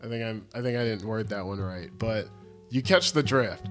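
A man's voice: on the low side, normal speed, music in the background. A young man co-hosting a casual chat podcast, rambling and joking, often restarting his sentences. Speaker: podcast co-host.

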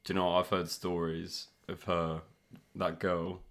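A young man with a low, gravelly voice that crackles with fry. He chats in an easygoing way as a podcast guest, reacting with quick swears and laughs. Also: completely flat delivery, fairly bright tone. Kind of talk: casual chat.

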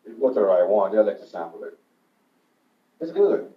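A man's voice: lowish voice, sing-song, normal speed, far from the mic. A man co-hosting a casual radio chat, easygoing and matter-of-fact. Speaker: radio co-host. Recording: dull, roomy, off-mic.

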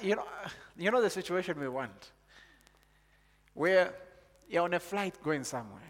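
A man from Zambia preaching a sermon, moving from calm teaching to loud, excited preaching. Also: sits high, moderate pace, long pauses, long reverb tail.

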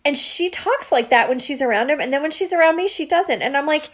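A woman's voice: high-pitched, expressive, fast. A woman co-hosting a casual chat, talking with lots of "like" fillers. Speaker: podcast co-host. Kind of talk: casual chat about a reality show.

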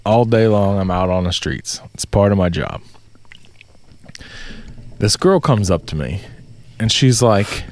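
A man telling a story in casual podcast chat, swearing a lot and getting loud in disbelief. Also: fairly low pitch, a little slow, long pauses. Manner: profane, animated storytelling, rising to loud disbelief. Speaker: podcast co-host.

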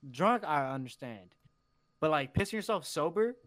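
A man trading banter on a casual podcast, with a voice a touch higher than most men. He tells his stories bluntly and swears freely, his talk loose and unpolished. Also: animated, moderate pace, a bit bright. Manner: blunt, profane storytelling. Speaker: podcast co-host.

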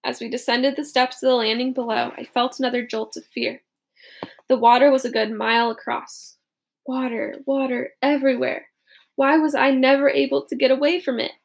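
A woman reading a first-person story aloud in a steady, plain manner. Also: high voice, normal speed, breathy edge. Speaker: audiobook narrator.

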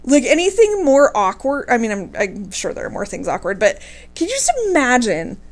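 A woman hosting a podcast, retelling a story in a casual, animated way, indignant and swearing freely. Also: a little high, moderate pace. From United States.

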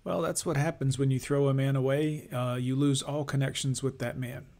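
A man's voice: mid-range voice, level tone, moderate pace, gravelly, a little mellow. A man commenting over a video, breaking in with mocking, sarcastic asides to his viewers.

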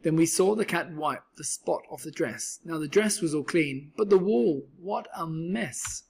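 A man reading a children's picture book aloud, riding the rhyme with an expressive, rhythmic delivery. His voice sits a little high and carries a husky, breathy grain. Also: unhurried. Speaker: storyteller.

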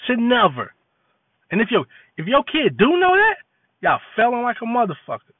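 A man's voice: very high-pitched, wildly swooping pitch, moderate pace, dry recording. A man giving an impassioned, preachy monologue in street slang, repeating his points. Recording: tinny phone-like dry audio.

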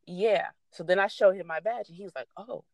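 Woman, young adult, casual storytelling, animated, swears, acts out quotes, dry close sound. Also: fairly low pitch, a little fast, vocal fry, dry recording. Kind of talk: casual anecdote telling.

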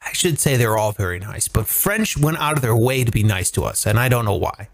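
An American man hosting a comedy podcast, chatting casually and animatedly, swearing freely and jumping into silly high voices when he quotes people. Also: expressive, a little fast, dry recording. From United States. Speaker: podcast host.

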